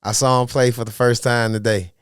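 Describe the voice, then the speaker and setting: A man talking as a podcast guest in a casual interview, animated and full of streetwise slang. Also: mid-range voice, brisk, smooth, no echo, studio quality. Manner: animated, streetwise slang, asks "you know what I mean". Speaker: podcast guest, golf caddie.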